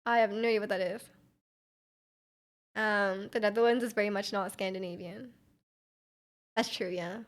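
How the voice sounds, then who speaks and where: A woman's voice: medium pitch, steady tone, normal speed, pauses often. A young woman from Vancouver, streaming live and rambling in casual chat, reading out her chat, using lots of "like" and giggling. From Vancouver, Canada. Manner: rambling, filler-heavy with frequent "like", giggly.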